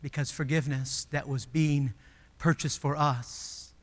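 A male pastor in full sermon, with a voice sitting a little above the usual male range. His delivery is emphatic, rising to loud exclamations and then dropping to quiet, drawn-out asides. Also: fairly high pitch, steady tone, big-room sound. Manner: emphatic preaching, swinging from loud exclamations to hushed, slow asides.

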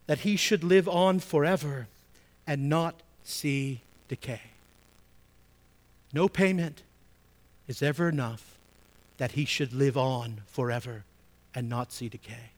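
A man preaching a sermon as a pastor, emphatic, repeating key phrases and swinging between soft asides and loud stresses. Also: a little high, unhurried, pauses often.

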